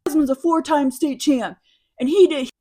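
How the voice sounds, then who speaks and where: A woman voicing a drunk, mouthy young woman who is picking a fight in a retold story, loud and shrill. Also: normal speed, close to an everyday voice. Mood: angry, shrill.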